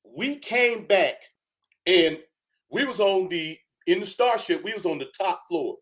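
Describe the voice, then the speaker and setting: A man's voice: sits high, measured pace. An older man, a retired army first sergeant, telling stories from basic training in a loose, conversational way on a video call. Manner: lively, animated, acts out the people in his stories. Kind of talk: casual storytelling.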